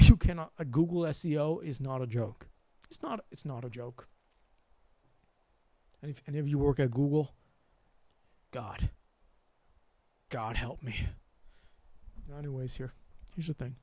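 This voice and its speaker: A young man hosting a rambling, animated spiritual monologue in a slangy, casual way. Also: medium pitch, a little slow, pauses often, no room sound. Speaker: host.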